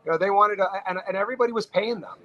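A middle-aged man from New York spins stories as a podcast guest. His voice sits a little high for a man, and he talks in animated bursts, often restarting his sentences. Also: rapid-fire, muffled recording. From New York, USA. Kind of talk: casual storytelling interview.

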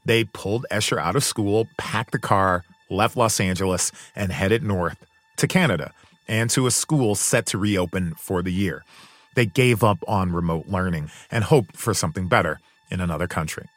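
A man hosting a podcast, giving measured, earnest scripted narration. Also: deep voice. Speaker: podcast host.

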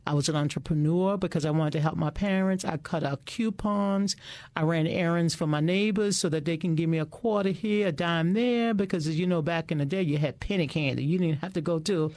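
A middle-aged woman, a guest in an interview, telling lively stories about her past and often repeating words as she starts a sentence. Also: fairly low pitch, brisk, no echo. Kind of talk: casual interview storytelling.

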